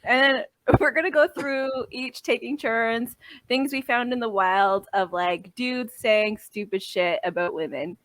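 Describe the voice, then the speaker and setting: A woman's voice: a little high, unhurried, a bit bright, dry recording. A woman co-hosting a casual podcast chat over drinks, joking and giggling as she explains the rules of a game. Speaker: podcast co-host.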